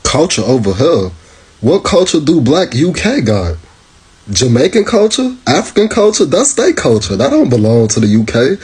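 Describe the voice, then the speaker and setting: American man, mellow husky voice, sarcastic slangy reaction commentary. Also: medium pitch, very animated, moderate pace. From United States. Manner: sarcastic, repeatedly addresses the clip, slangy.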